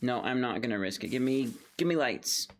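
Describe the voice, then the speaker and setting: A man's voice: mid-range voice, animated, brisk, slight background noise. A young man giving casual, rambling commentary while playing a game, talking playfully to himself and to the game. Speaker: gaming video creator.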